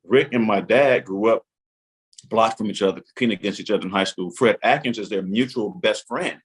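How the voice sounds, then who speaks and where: Man, forties, fairly low voice, storytelling, acts out his own thoughts and the other people's lines. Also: fairly quick, slightly rough. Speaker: podcast guest. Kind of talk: animated storytelling.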